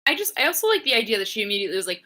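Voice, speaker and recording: A young woman riffs on a wrestling show in a lively podcast chat. Her voice is bright and a little high, and it swoops up and down as she vents with sarcastic, profane asides. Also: very fast. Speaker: podcast co-host. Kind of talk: casual wrestling recap chat.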